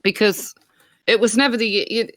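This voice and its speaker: A woman's voice: a little high, steady tone, normal speed, no room sound. A woman on a live online panel debate, talking insistently with lots of restarts and rambling asides.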